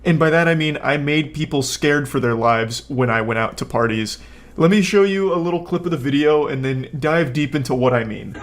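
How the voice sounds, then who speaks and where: A young man giving casual commentary on a video clip, with a dry, deadpan, sarcastic delivery, relaxed pacing and casual swearing. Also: fairly high pitch, slight background noise. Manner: relaxed, unhurried storytelling with frequent fillers. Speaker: YouTube commentator.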